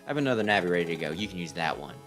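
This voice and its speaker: A man's voice: sits low, animated, very fast, fairly bright tone, soft background music, voice pushed down. A man voicing a stern young male rival in a video game, speaking in a curt, businesslike way.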